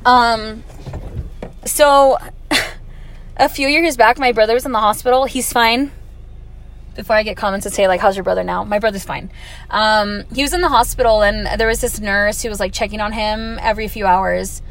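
A woman's voice: mid-range voice, normal speed, a bit bright. A woman in her twenties casually telling stories on her way home from work, talking with lots of "like" and "um". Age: 20s. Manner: chatty, filler-heavy, lots of "like" and "um". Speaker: audio vlogger. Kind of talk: casual rambling storytelling.

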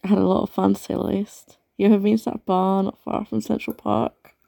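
A woman playing a gravelly, flirty barmaid. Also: medium pitch, flat delivery, brisk, warm tone, no room sound, studio quality. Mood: flirty, chatty. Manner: teasing, flirtatious. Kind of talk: audio role-play addressing the listener.

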